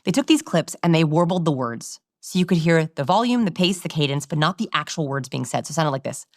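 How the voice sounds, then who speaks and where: In an interview, a woman with a low voice for her sex explains communication research, lively and quick to demonstrate vocal examples. The recording is close and dry, with no room sound.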